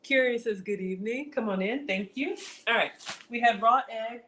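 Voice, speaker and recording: A woman's voice: on the high side, moderate pace, fairly bright tone, a little hiss or hum. A woman with a slight Southern drawl hosting a casual cooking live stream from her home kitchen, chatting with viewers and laughing often. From African born, grew up in the US South.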